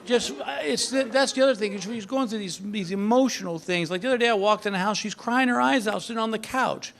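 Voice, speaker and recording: An older comedian's high-sitting, creaky voice moves fairly quickly through a stand-up routine at a club. He spins animated stories with mock exasperation.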